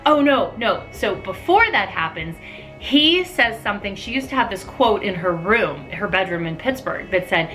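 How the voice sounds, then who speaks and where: A middle-aged woman and mother, telling a family story in a casual, animated vlog style. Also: medium pitch, normal speed, faint music behind. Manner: lively, animated, laughing storyteller.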